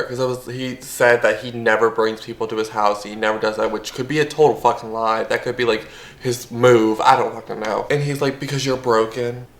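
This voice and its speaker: A man's voice: medium pitch, a bit bright, echoey room. A young man telling a story to camera in a chatty, casual way, full of fillers and swearing. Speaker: vlogger.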